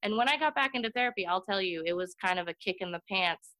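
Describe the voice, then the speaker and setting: Earnest thirtysomething woman talking it through, bright tone, dry mic. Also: medium pitch, lively intonation, quick pace, no room sound. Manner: earnest and reflective, laughs easily. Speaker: podcast guest. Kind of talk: candid interview chat.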